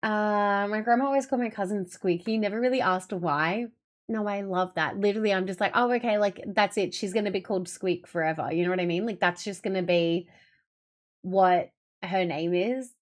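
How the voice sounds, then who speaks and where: A woman's voice: medium pitch, brisk. A woman streamer in casual chat with her viewers, telling stories in a rambling, chatty way with many fillers and casual swearing.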